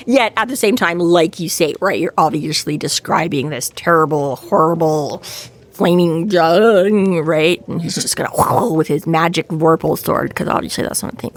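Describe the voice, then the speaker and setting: A woman co-hosting a casual book podcast, animated and laughing often as she acts out quotes. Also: lowish voice. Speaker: podcast co-host. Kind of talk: casual book-discussion chat.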